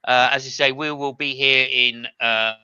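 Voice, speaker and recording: Joking male stream host with a smooth, crisp voice in a dull, dry recording. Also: medium pitch, steady tone, normal speed, pushed and bright, no echo. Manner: jokey, wraps up the show. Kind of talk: casual live-stream chat.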